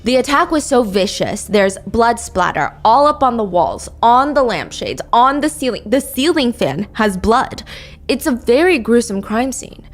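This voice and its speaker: A woman's voice: on the high side, very animated, unhurried. Woman narrating a true crime story. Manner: dwells on grisly details and reads quotes aloud.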